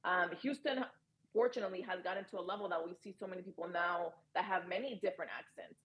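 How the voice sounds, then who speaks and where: A woman's voice: lowish voice, fast, fairly bright tone, rough recording. A woman from Colombia, a native Spanish speaker with a Colombian accent, animatedly sharing opinions as a podcast co-host. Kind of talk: casual panel chat.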